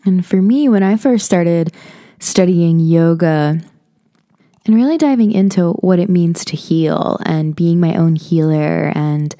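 A woman's voice: lowish voice, unhurried, dark tone. A young woman hosting a podcast, talking casually and earnestly about spiritual self-help, with many "you know" and "like" fillers. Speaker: podcast host.

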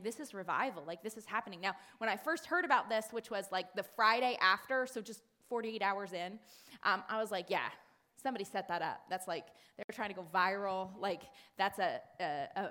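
A woman speaking to a congregation in a sermon-style talk, telling a story with many fillers and quick restarts. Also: mid-range voice, sharp tone. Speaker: church speaker.

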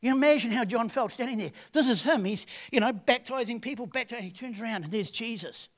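A man preaches a sermon with a notably high voice. He tells his story in a lively, animated way, often stopping to restart a phrase. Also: fast talker.

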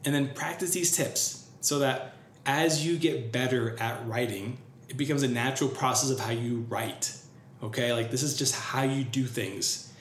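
A man's voice: medium pitch, normal speed, a bit bright. A man giving casual marketing advice, blunt and profane, acting out the people he quotes. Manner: blunt, swears freely, acts out quoted people. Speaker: marketing coach. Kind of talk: casual podcast advice talk. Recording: roomy with faint background noise.

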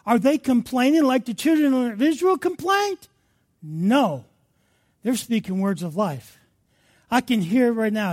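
A male pastor preaching a sermon with passion, moving between hushed stretches and loud ones. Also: very high-pitched, animated, unhurried.

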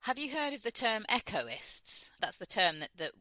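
A woman's voice: on the high side, sing-song, normal speed, pushed and bright. A woman hosting an interview, encouraging her guest with affirming mm-hmms. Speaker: host. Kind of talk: interview questions.

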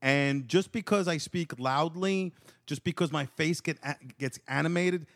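A man's voice: fairly high pitch, a little slow, a bit bright, dry recording, clean studio sound. A man in casual chat who stammers and sounds defensive.

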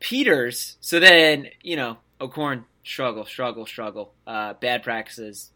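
A podcast co-host talks casually about college football in a medium-pitched voice at a measured pace. He's animated, doing voices to mimic the players as he goes.

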